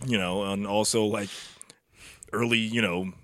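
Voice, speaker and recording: A man recapping a film in loose, joking talk, his voice bright and forward. He swears freely, and the recording is close and dry with no room sound. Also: on the low side, fairly even intonation, a little slow, no room sound. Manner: profane, joking storyteller. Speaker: podcast co-host. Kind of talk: casual movie chat.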